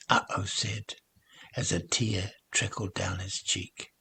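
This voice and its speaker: An older man with a New Zealand accent, reading a children's story aloud in a measured way and softening almost to a whisper in sad parts. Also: fairly low pitch, fairly even intonation, husky. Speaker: storybook reader.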